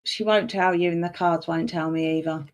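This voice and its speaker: A woman's voice: on the low side, steady tone, normal speed. Soothing woman reading tarot. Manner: soothing, calls viewers sweetheart and darling; chats and laughs while reading. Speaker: tarot reader and clairvoyant. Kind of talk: live-stream tarot reading.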